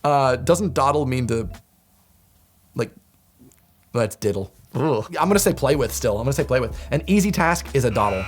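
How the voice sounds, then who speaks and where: A man's voice: medium pitch, animated. Playful young man quizzing himself. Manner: playful, joking, quick laughs and mock outrage. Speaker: video host. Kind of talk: casual quiz commentary, reading definitions aloud.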